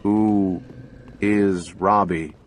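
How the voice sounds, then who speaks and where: A man voicing a huge, immobile male talking robot in an audiobook, speaking flatly without intonation. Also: extremely slow, slight background noise. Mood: flat mechanical. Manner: booming, flat, without intonation.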